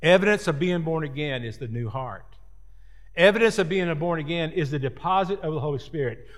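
A man's voice: fairly high pitch, animated, fairly quick, in a large hall. A man preaching a sermon in an earnest, repetitive cadence. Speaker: pastor.

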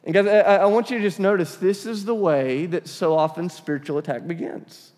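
Guy preaching, slightly high voice, long echo of a church hall, calls on the crowd to answer. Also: steady tone, fairly quick, darkish tone. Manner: emphatic, asks the congregation to respond. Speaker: pastor. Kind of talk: sermon.

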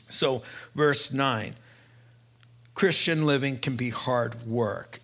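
A middle-aged man preaching a sermon as pastor, earnest and storytelling, his voice climbing higher as he retells conversations. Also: creaky, a bit bright. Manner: earnest, storytelling, rises in pitch when retelling dialogue.

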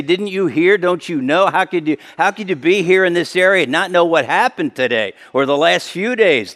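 A man delivers a sermon in a conversational, explanatory way, his fairly high voice jumping up for emphasis and then dropping low and quiet. Long reverb from a large hall trails behind his words. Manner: conversational preaching with sudden emphatic rises and soft drops. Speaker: pastor.

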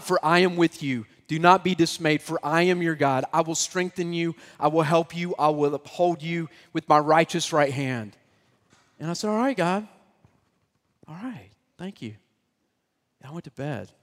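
Animated male preacher in a reverberant hall. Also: fairly high pitch. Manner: animated storyteller, acting out quotes. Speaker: pastor. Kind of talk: sermon storytelling. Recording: long reverb of a large hall.

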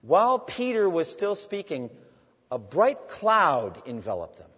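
A man preaching a sermon as a pastor, emphatic and swinging between loud and hushed. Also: on the high side, big pitch swings, slow, slightly rough. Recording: dull sound in a long-reverb hall.

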